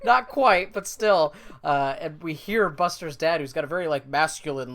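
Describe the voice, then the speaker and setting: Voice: mid-range voice, normal speed, few pauses, fairly bright tone. A podcast co-host chatting casually about a cartoon episode, laughing while talking. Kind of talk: casual chat.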